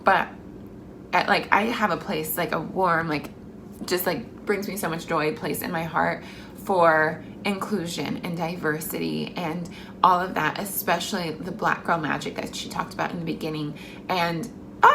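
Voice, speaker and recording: A woman's voice: on the low side, fairly even intonation, moderate pace, gravelly, noisy background. A young woman vlogging to camera in a chatty, effusive way, full of fillers. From Mexican heritage. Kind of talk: casual chat to camera.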